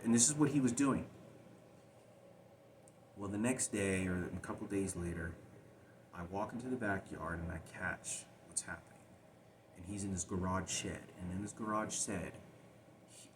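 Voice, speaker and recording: A man telling a personal story in a halting, agitated way, with many restarts. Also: sits low, background noise. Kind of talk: personal spoken monologue.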